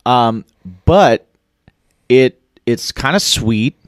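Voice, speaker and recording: A man's voice: medium pitch, expressive, very slow, clear, resonant tone, no echo, clean studio sound. A man co-hosting a casual food tasting, laughing often and restarting his sentences as he describes the bread. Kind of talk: casual chat.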